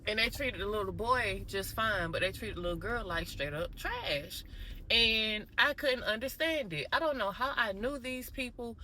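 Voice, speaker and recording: A woman vlogger casually telling a story straight to her viewers, animated and conversational. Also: on the high side, moderate pace, slight background noise, rough recording.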